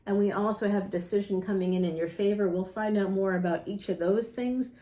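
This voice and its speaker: A woman reading tarot cards in a relaxed, rambling chat. She laughs often and keeps turning to talk straight to her viewers. Her voice sits at a middle pitch, and the room rings with echo. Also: brisk. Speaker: tarot reader.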